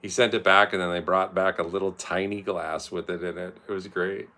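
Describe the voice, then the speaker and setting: A man's voice: deep voice, fairly even intonation, a little fast, pushed and bright. A man, telling profane, rambling, self-mocking stories as a casual streamer.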